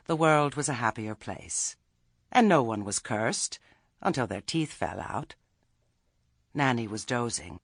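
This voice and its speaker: A man's voice: mid-range voice, a bit bright, no room sound. A man reading a comic story aloud with a dry, wry delivery. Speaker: audiobook narrator. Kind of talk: storybook narration.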